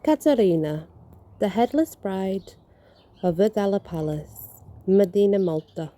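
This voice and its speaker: Woman, vlogger, reading aloud outdoors, very bright sharp tone, self-correcting, casual asides. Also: mid-range voice, expressive, unhurried. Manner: reads from notes, stumbles and corrects herself. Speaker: vlogger reading ghost stories.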